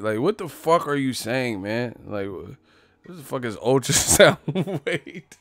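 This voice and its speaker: A man's voice: mid-range voice, expressive, a little slow, no echo. A man hosting a boxing channel, riffing in a loose, profane comedic rant and laughing often. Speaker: boxing commentator.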